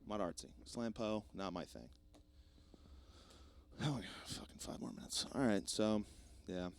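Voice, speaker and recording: A young man hosting a podcast, rambling through a jokey, self-deprecating solo monologue with plenty of swearing, swinging between loud bursts and mumbled asides. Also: fairly low pitch, expressive, a little slow, vocal fry, dry recording. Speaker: podcast host.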